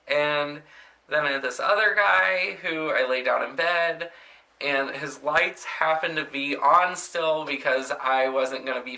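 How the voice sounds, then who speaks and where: Chatty young man with a bright voice. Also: fairly high pitch, vocal fry. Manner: chatty, rambling, frequent "like" and "um" fillers; mimics patients in loud exaggerated voices. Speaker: vlogger and nursing assistant. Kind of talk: casual storytelling vlog.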